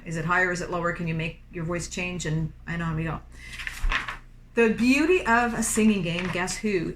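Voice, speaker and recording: Middle-aged woman, music teacher, patient and encouraging, mid-pitched voice, steady instructional delivery. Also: slight background noise. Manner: patient, encouraging, breaks into short sung phrases. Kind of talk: instructional talk with sung demonstrations.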